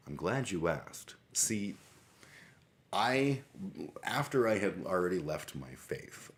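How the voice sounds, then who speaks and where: A man hosting a livestream, reading scripture aloud and adding sarcastic, irreverent, rambling commentary. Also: a bass voice. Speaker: livestream host.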